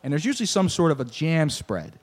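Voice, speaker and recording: A young man hosts a casual sports podcast with a fairly high voice. He tells stories in an animated way and rants with plenty of laughter. He riffs loosely on the other speakers and keeps the banter going. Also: fast. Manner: animated storyteller, riffing and ranting with laughs. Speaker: podcast host.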